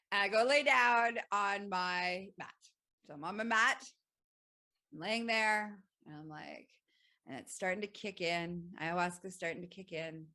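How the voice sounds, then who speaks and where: A woman hosting a podcast, telling a personal story in an animated way, laughing often and swearing freely. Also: medium pitch, slow, long pauses. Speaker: podcast host.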